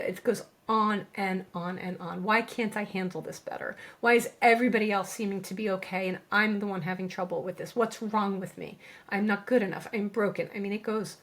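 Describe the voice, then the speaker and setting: A middle-aged woman speaks as a podcast co-host, calm and reassuring. She slows down to lean on key phrases, giving a steady coaching delivery at a medium pitch. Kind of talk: scripted podcast monologue.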